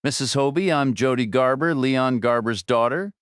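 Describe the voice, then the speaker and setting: A man's voice: medium pitch, normal speed, clean tone, dry recording, clean studio sound, voice pushed up, natural voice. A man doing an earnest young woman lawyer. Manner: earnest, persistent questioning.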